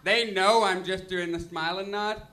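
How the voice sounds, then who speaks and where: Young stand-up guy, high and bright, rambling self-deprecating delivery on a stage mic. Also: fairly even intonation, moderate pace. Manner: self-deprecating, loose, filler-heavy delivery. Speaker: stand-up comedian. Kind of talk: stand-up comedy set. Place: comedy lounge stage.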